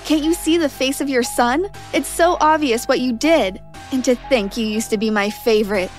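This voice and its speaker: Woman doing a distraught young woman, high voice, accusing, soft music behind. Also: moderate pace, lightly acted. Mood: furious. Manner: emotional, accusing outbursts. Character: angry pregnant teenage sister and bitter mother.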